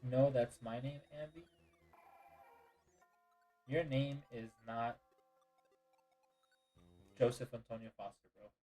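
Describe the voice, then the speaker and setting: A man's voice: medium pitch, steady tone, slow pace, long pauses, mellow, soft background music, rough recording. A tired man streaming a game and chatting casually with viewers. He yawns, answers chat, and apologizes often. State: tired and yawning.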